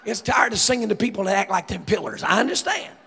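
A man with a Southern US accent preaching a sermon, telling stories with laughter and rising to shouts. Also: high voice, quick pace, breathy edge. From American South. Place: church sanctuary. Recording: long hall reverb.

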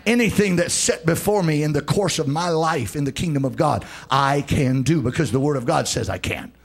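Male preacher, husky and high-pitched, call-and-response sermon, shouts hard, soft music under. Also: normal speed. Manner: call-and-response, shouting and swooping between loud and low. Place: church service before a congregation.

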